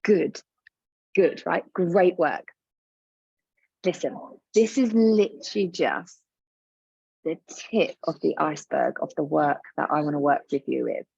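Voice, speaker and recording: Gravelly-voiced woman coaching a guided exercise. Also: sits low, a little slow, pauses often, dark tone, no echo, muffled recording. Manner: soothing, encouraging, repeats instructions. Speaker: business coach.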